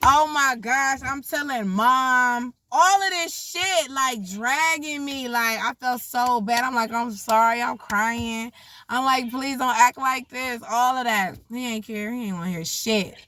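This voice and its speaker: A young woman telling a story casually, animated and profane, acting out the voices of the people in it. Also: high voice, unhurried, few pauses, a little hiss or hum.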